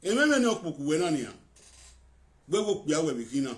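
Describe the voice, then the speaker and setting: A Nigerian man hosts a live video talk show, moving between Yoruba and pidgin. His voice is slightly high, and he keeps things brisk, dropping short replies into the conversation. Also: very animated.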